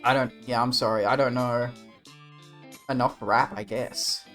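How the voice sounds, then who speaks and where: A man's voice: medium pitch, fairly even intonation, measured pace, fairly bright tone, faint music behind. A young Australian man chatting casually with his stream viewers, rambling and swearing in a laid-back way. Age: young adult. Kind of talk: casual livestream chat.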